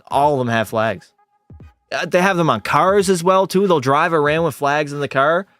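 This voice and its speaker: A Canadian man with a fairly high voice chats on a gaming livestream, bantering with his viewers and answering their messages. His talk jumps up and down in pitch as he reacts. Faint music plays behind him. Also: normal speed, no room sound. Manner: chatty, bantering with chat, animated jumps in pitch. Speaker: gaming streamer. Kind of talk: casual livestream chat, reading out viewer messages.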